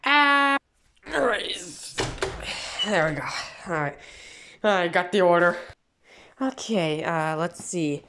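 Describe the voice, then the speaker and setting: A woman voicing a pushy, excitable male plush rabbit who whines and schemes through a plush toy video, full of fillers. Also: on the low side, slow, long pauses, background noise. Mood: scheming. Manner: whiny and scheming, rambles with fillers.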